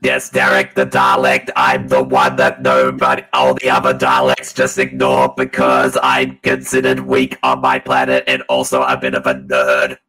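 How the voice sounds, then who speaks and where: A cavernously deep, shouty robot Dalek, nerdy and picked on. He barks his words in clipped, mechanical bursts, loud and flat. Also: normal speed, few pauses. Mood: shouting. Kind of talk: comic podcast impression.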